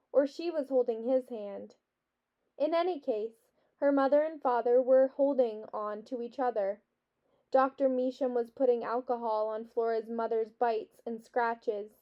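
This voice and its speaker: A woman teacher reads a children's novel aloud with expressive storybook delivery. Her voice is high and her pace unhurried. The recording sounds dull and lo-fi.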